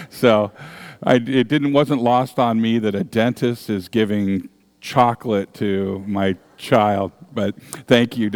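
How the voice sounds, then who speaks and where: A man leading a church service, reading announcements in a halting way with many fillers and light self-deprecating jokes. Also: on the low side, darkish tone. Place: church sanctuary.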